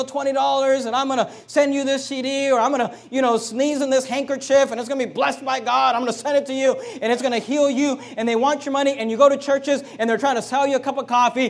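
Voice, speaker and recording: A man preaching a fiery sermon as pastor in a church, emphatic, with sudden loud rises and quiet asides. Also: very high-pitched. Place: church sanctuary.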